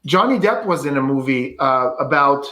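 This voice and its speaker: A man's voice: mid-range voice, expressive, moderate pace, crowd noise. A man appearing as a guest on a casual livestream, talking in a jokey, enthusiastic way and laughing often.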